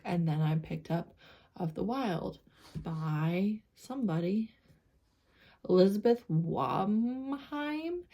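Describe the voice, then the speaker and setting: A woman's voice: on the low side, mellow. A woman book vlogger chatting casually about her reading, laughing often and getting tearful when a story moves her.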